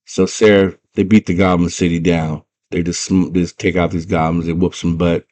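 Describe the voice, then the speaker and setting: A young man excitedly retelling a fantasy movie scene by scene, full of slang and filler words. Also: low voice, normal speed. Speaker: movie fan retelling a film. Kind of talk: casual chat.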